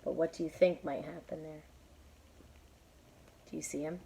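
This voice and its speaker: Low-voiced woman reading to children. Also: steady tone, moderate pace, gravelly, slight background noise. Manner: bright, encouraging, asks kids questions. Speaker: teacher reading aloud to children. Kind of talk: children's read-aloud.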